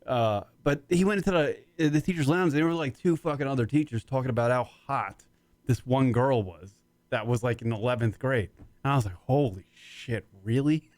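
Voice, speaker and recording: A man hosting a comedy talk radio show, telling rambling stories with a lot of swearing and rising excitement. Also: mid-range voice, brisk, no echo. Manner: rambling storyteller, swears freely, gets worked up.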